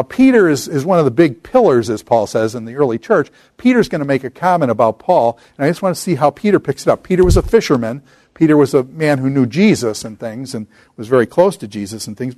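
A middle-aged man giving an informal Bible lecture, talking conversationally and slowing down to read scripture aloud. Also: medium pitch, darkish tone, no echo. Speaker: Bible teacher.

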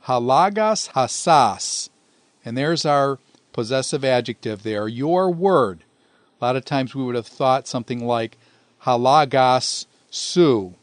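A man giving a recorded grammar lesson, explaining patiently and slowing down to spell out word forms. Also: medium pitch, no room sound. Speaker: Greek teacher.

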